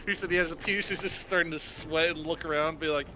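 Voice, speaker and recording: A man's voice: fairly high pitch, fairly even intonation, quick pace, pushed and bright. A man in casual gaming chat, telling crude, laughing anecdotes and acting out the quotes. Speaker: gaming stream co-player.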